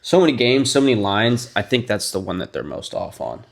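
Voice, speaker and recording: A man's voice: fairly low pitch, sing-song, a little fast, gravelly. A man co-hosting a podcast, talking eagerly about sports in a chatty, hedging way. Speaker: podcast co-host. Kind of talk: casual chat.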